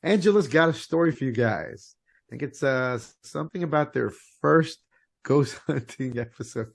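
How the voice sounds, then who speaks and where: A man hosting a casual podcast, talking in a relaxed, halting way with frequent restarts. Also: medium pitch, creaky. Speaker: podcast host.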